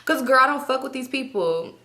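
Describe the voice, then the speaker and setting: Fast-talking bright-voiced woman telling a story. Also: high-pitched. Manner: chatty and animated, speaks straight to viewers; acts out friends' lines in shifting voices. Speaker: storytime YouTuber. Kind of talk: casual storytime chat.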